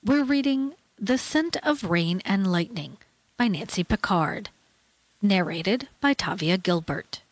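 Radio host woman, slow deliberate intro, dry close mic. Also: mid-range voice, expressive, no room sound. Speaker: radio reading-service host. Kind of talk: program introduction.

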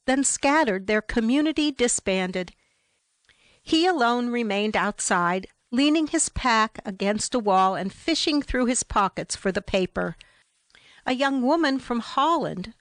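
A woman narrating a novel as an audiobook reader, in measured, even storytelling. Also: fairly high pitch, dry recording.

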